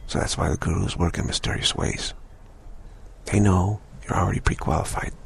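A male spiritual teacher speaking slowly in a very low voice. His tone is strongly gravelly and creaky. He repeats phrases as he talks. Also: fairly even intonation, a little hiss or hum. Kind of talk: spiritual talk.

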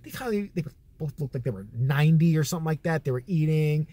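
A man's voice: fairly high pitch, expressive, fast, warm tone, dry recording. A man vlogging, telling crude comic stories in a rambling, profane way that keeps correcting itself. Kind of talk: comic storytelling.

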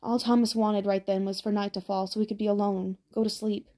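A woman narrating an audiobook in a steady, even storytelling manner. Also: mid-range voice, a little fast.

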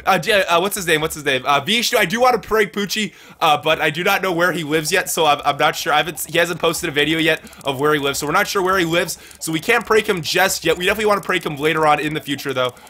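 A man hosting a live game let's-play with a bright, forceful voice sitting a bit high. He talks energetically to his viewers, repeats himself often and keeps calling them dudes and guys. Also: fast, few pauses. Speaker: gaming livestream host. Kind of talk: live let's-play commentary reading chat.

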